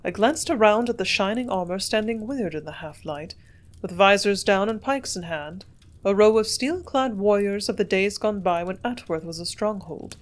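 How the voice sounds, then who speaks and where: A woman reading a classic novel aloud as an audiobook narrator, with a measured, steady storytelling delivery. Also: medium pitch. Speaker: audiobook reader.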